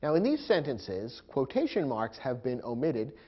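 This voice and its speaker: A man teaching a grammar lesson, explaining punctuation clearly and patiently. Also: medium pitch, huge pitch swings, moderate pace, highs cut off, faint music behind.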